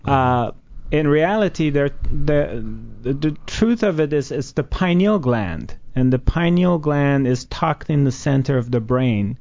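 Calm male healer explaining steadily. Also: a little high, measured pace, highs cut off. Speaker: spiritual healer guest. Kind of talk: explanatory interview answers.

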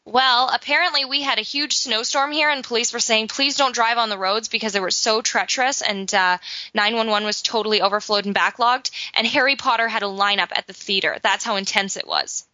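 A chatty woman from Saskatchewan co-hosting a gossip show, with a raised, bright voice and frequent laughter. The sound is dry and dull, like a lo-fi recording. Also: a little high, brisk, dry recording. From Saskatchewan, Canada. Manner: chatty, laughs often, many fillers. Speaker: co-host. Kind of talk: casual celebrity gossip chat.

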